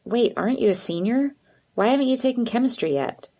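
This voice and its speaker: A woman's voice: fairly high pitch, animated, fairly quick, dark tone, voice pushed up. A woman voicing a blunt, tough teenage girl who talks in a sarcastic, direct way.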